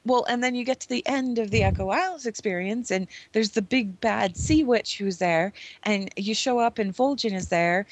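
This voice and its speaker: Animated woman telling a gaming story. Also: medium pitch, normal speed, few pauses, slight background noise. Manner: animated storyteller who acts out scenes. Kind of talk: casual gaming chat.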